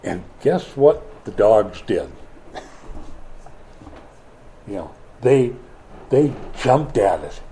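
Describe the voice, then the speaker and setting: A man's voice: fairly low pitch, drawn-out words, long pauses, slight background noise. A middle-aged man preaching a sermon, telling stories and acting out the voices of other people. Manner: animated storyteller who acts out other voices. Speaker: pastor.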